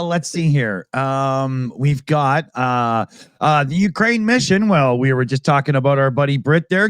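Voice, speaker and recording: A man hosting a live online roundtable, relaxed and joking as he reads out chat and donations. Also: on the high side, no echo, clean studio sound. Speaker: host. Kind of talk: livestream hosting.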